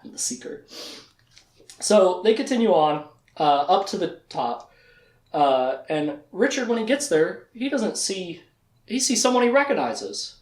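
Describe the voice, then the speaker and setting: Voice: medium pitch, big pitch swings, measured pace, a little mellow. A chatty, giggly speaker casually retelling the plot of a fantasy book series as a lecture. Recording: roomy echo.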